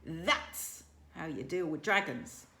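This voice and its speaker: A woman voicing a huge, loud Viking chief who shouts gruff orders. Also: low-pitched, expressive, takes it slowly, a little hiss or hum, exaggerated voice. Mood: bossy. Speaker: teacher. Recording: echoey room.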